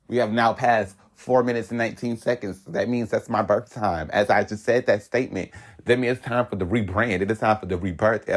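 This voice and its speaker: A young man hosting his own podcast, talking candidly in an animated solo monologue and laughing often. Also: medium pitch. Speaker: podcast host.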